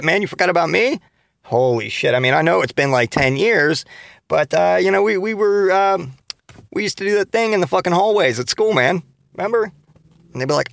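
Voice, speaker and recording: A man in his thirties with a mid-range pitch talks through a casual solo podcast, loose and profane. He rambles with restarts and jumps his voice up to mimic other people's startled replies. The sound is dry and close, with no room behind it. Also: gravelly, a bit bright, dry recording. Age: 30s. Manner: rambling and profane, acting out quoted reactions in a higher voice. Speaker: podcast host.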